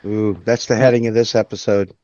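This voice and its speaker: A man hosting a podcast, putting in quick, playful comments and questions during a casual interview. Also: fairly low pitch, level tone, darkish tone, no room sound. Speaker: podcast host. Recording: dry, dull lo-fi sound.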